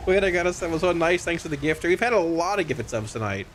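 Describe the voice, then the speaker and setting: An excitable male streamer with a fairly high voice that swings up and down a lot, talking casually to his chat. He stumbles over his words and repeats phrases when worked up, and a faint hum of background noise sits under his voice. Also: brisk. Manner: excitable, stammering, repeats himself. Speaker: game streamer. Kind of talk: casual live-stream commentary.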